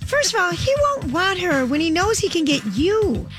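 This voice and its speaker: A scheming teenage mean girl, played by a woman, chirps her lines in a very high, girlish voice that swoops up and down. Her tone is catty and conspiratorial. Music plays clearly behind her. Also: big pitch swings, normal speed. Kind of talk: reading old notes aloud as a character.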